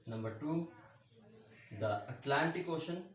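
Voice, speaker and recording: Speaking with fairly high pitch and plenty of animation, a male teacher works through a geography lesson slowly, repeating and spelling out words and often checking "okay?" The room echoes, and there's slight background noise.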